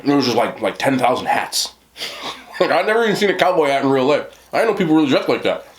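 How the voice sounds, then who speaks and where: A man's voice: medium pitch, sing-song, fast talker, slight background noise. A man in his thirties with a New Jersey accent, telling a rambling story to camera on his eating show and laughing often. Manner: rambling, laughing, lots of "you know what I'm talking about". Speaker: mukbang host.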